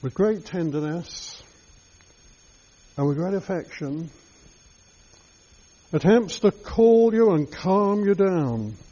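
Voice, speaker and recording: A man leading a guided scripture meditation, speaking directly to the listener in a slow, reflective way, in a dull lo-fi recording. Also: sits high, lively intonation, mellow.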